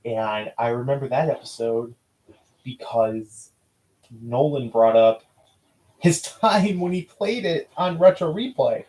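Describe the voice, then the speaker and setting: A man's voice: medium pitch, takes it slowly, a little mellow, rough recording. A man telling personal stories in a casual, heartfelt way, rambling and restarting often and swearing now and then. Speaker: vlogger recalling school newspaper interviews.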